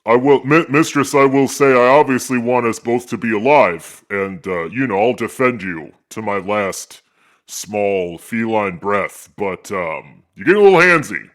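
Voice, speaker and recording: A deep, dry-humored house cat, played by a man at a tabletop game, aloof and fussy. He grumbles politely and sarcastically about his owner. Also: expressive, measured pace, a bit bright. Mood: grudging. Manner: wry, reluctant, politely grumbling. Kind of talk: tabletop role-play in character.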